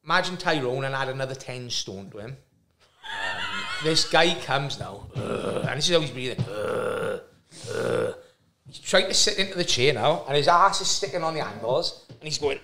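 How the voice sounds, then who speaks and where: Animated man telling stories. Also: mid-range voice, moderate pace. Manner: animated anecdote-telling with voiced impressions. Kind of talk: casual chat, storytelling. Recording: roomy echo.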